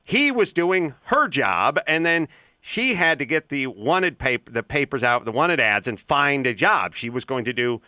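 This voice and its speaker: A man's voice: medium pitch, very animated, measured pace, sharp tone, no room sound, studio quality. A man hosting a casual comedy podcast chat, talking animatedly and slipping into silly character voices. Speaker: host.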